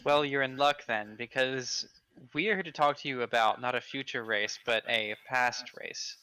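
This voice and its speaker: A man's voice: mid-range voice, moderate pace, bright, forceful tone, clear, resonant tone, low-quality recording. A man playing a tabletop role-playing game, speaking politely and a little hesitantly in character. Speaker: player.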